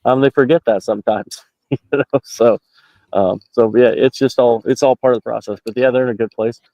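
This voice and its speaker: A man's voice: mid-range voice, fairly even intonation, a little fast, creaky, warm tone, no room sound. A man calling in from a basketball arena right after a game, giving loose postgame analysis with lots of fillers and restarts. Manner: rambling, many fillers and restarts. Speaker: basketball reporter. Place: basketball arena, just out of the locker room. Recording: dull lo-fi call audio.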